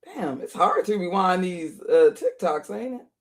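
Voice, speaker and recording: A woman's voice: fairly low pitch, expressive, measured pace. A woman hosting a live stream, chatting casually with viewers in a talkative manner with laughing asides. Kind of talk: casual reaction chat.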